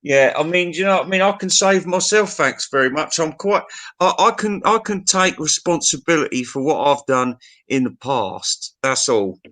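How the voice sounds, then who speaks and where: A man's voice: fairly high pitch, lively intonation, normal speed, fairly bright tone. A middle-aged man in casual chat, telling stories in a sweary, ranting way.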